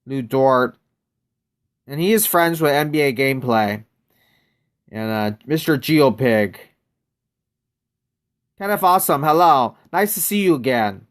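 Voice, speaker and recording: An American man hosting a casual live game stream, talking loosely to his viewers and drifting from one aside to the next. His voice is smooth and clear and sits at an ordinary middle pitch. He sounds close to a desk mic. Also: expressive, a little slow, long pauses. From United States. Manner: chatty, greets viewers by name, loose rambling asides.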